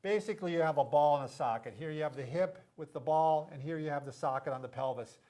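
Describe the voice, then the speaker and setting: A man's voice: on the high side, fast, mellow. A middle-aged man who is a physical therapist, hosting a casual, joking explainer and tripping over medical terms. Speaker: physical therapist, show host.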